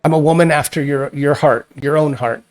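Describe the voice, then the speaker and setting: A man's voice: fairly high pitch, fairly even intonation, a little fast, lightly acted. A man voicing a fussy middle-aged woman innkeeper who stammers and frets. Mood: fretful. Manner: hesitant, stammering, fretful.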